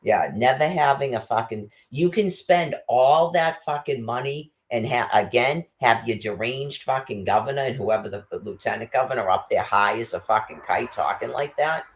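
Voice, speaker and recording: Speaking at normal speed with few pauses, this medium-pitched commentator delivers a furious, profanity-packed rant full of rhetorical questions.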